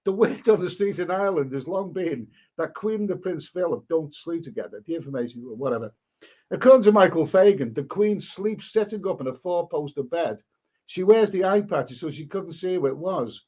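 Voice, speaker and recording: A man's voice: a little high, lively intonation, moderate pace, warm tone, husky. A man hosting a live stream, reading a story aloud in a casual way and breaking off to answer the chat.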